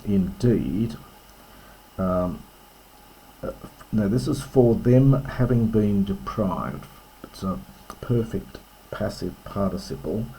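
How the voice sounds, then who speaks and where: A man teaching ancient Greek, reading lines aloud and explaining them slowly and carefully, with many pauses and self-corrections. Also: low voice, dark tone, slight background noise, rough recording. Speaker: classics teacher.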